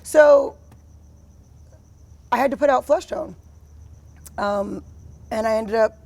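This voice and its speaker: A woman's voice: fairly high pitch, slow pace, creaky, a little mellow, no echo. A woman in her thirties, a guest in a candid interview, talking bluntly and emphatically, full of "like" and "you know". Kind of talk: candid personal conversation.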